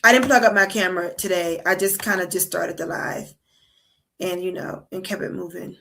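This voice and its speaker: A woman's voice: lowish voice, moderate pace, vocal fry, a bit bright. A woman hosting a political livestream, ranting in a heated, profane, casual way. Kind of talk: casual live-stream commentary. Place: abroad while traveling.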